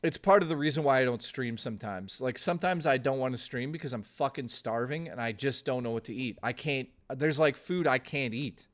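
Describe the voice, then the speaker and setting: A man's voice: medium pitch, a little fast, hardly any pauses. A man streaming live, chatting casually with his viewers in a blustery, profane rant. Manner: profane, blustery ranting to chat.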